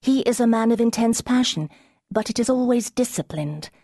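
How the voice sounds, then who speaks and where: A woman's voice: lowish voice, lively intonation, normal speed, darkish tone, no echo. A woman narrator voicing an earnest young woman who senses the truth in others, her voice lifted and urgent, at times dry, in a storybook reading.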